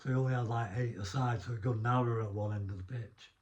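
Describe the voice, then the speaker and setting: A man's voice: medium pitch, fairly even intonation, quick pace, dull audio. A middle-aged man with a Northern English accent, a former prison officer telling rambling anecdotes in a casual interview. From Northern England. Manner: rambling anecdotes, restarts, mild swearing.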